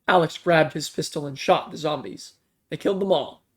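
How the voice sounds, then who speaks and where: A man reading a fan-written zombie story aloud in a plain, quick manner, jumping louder for dialogue. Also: on the high side. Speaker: story reader.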